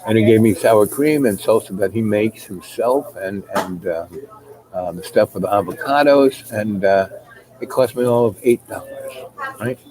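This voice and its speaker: A man's voice: on the low side, measured pace, a crowd in the background, rough recording. A middle-aged man telling a long personal anecdote in a rambling, casual way, full of fillers and asides. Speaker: storyteller.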